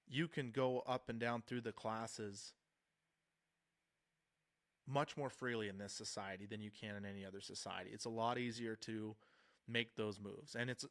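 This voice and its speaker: A man's voice: mid-range voice, a bit bright. Earnest rambling young man. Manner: earnest, rambling with many restarts and fillers. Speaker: vlogger. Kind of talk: casual reflective monologue.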